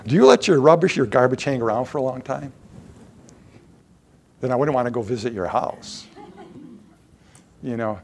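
A male pastor delivering a sermon in a lively, sing-song pitch, with a rough gravelly texture in his voice. He talks conversationally, repeating himself and restarting phrases. He jumps from loud, emphatic lines to hushed ones. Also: normal speed, pauses often. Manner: emphatic, with sudden rises and drops in loudness.

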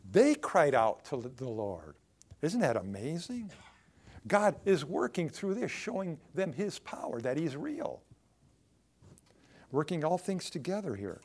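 A man's voice: on the high side, sing-song, a little slow. A male pastor preaching a sermon in a conversational way, asking the congregation rhetorical questions as he goes.

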